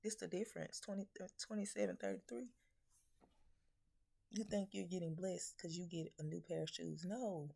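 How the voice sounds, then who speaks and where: A woman with a low, gravelly voice preaches a blunt spiritual message straight at her viewers. She scolds and curses, firing rhetorical questions one after another. A confrontational, no-nonsense reader. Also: normal speed, dark tone.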